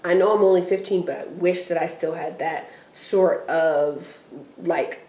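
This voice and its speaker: Chatty woman in an echoey room. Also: on the low side. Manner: animated, acts out characters' lines in quick playful voices. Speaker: podcast co-host recapping a TV episode. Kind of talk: casual chat. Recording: echoey room, far from the mic.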